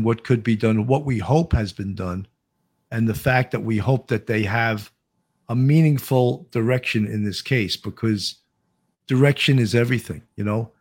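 A chatty man with a New York accent hosts a casual livestream. He laughs easily and often restarts his sentences. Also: medium pitch. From Long Island, New York. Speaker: host, former investigator.

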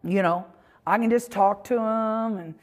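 A woman's voice: fairly high pitch, fairly even intonation, measured pace. A woman teaching a Bible lesson on prayer in a conversational way, with frequent asides and fillers.

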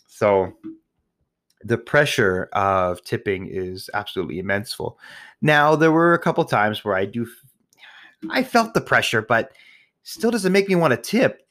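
A man's voice: fairly low pitch, expressive, moderate pace, a bit bright. Profane, exasperated podcast man ranting. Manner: profane, exasperated, rambling with restarts. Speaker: podcast host. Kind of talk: casual ranting monologue.

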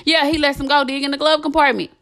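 Blunt high-voiced woman, swearing freely. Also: level tone, fast talker, a bit bright. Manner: blunt, heavy swearing, emphatic repetition. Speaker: podcast host. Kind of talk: impassioned monologue.

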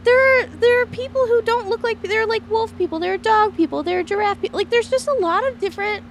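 A woman voicing an eager, dog-like circus performer with an excitable, puppyish manner. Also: extremely high pitch, quick pace, a little hiss or hum. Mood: indignant.

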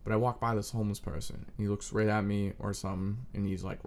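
A young man in his twenties, riffing in a crude, self-mocking, scattered comedic monologue with sudden loud outbursts. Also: lowish voice, fast talker, hardly any pauses.

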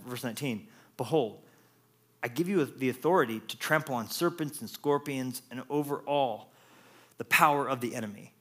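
A man preaching a lively, jokey sermon as pastor, acting out quotes with playful voices. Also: mid-range voice, normal speed.

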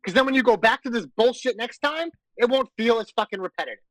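A man with a high-pitched voice rants in casual podcast chat, exasperated and quick to swear. The sound is dry and close, with no room around it. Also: expressive, a bit bright, no echo, poor audio. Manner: exasperated, profane ranting. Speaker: podcast co-host.

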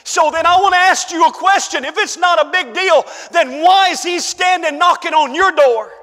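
A very high, bright-toned man preaches in a church, his voice ringing with a long hall reverb. He pushes to fervent shouted peaks, then sinks to hushed asides, calling out to his congregation as he goes. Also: normal speed. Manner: calls out to the congregation. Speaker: pastor. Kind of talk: sermon.

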